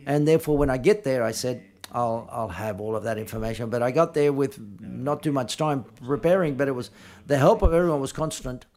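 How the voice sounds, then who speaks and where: A man of middling pitch answers questions at a film press conference. His speech is halting, and he often breaks off mid-phrase to restart or correct himself. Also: a little mellow.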